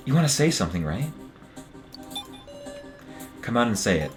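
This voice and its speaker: A man's voice: medium pitch, sing-song, moderate pace, soft background music. A man streaming a game, joking and muttering asides to his viewers in casual commentary.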